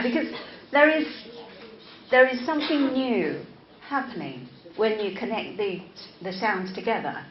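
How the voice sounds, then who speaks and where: A woman in her fifties from China, lecturing as a university English teacher, repeating key words and checking in with her students. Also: mid-range voice. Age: 50s. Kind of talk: classroom lecture. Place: classroom. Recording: echoey lo-fi classroom recording.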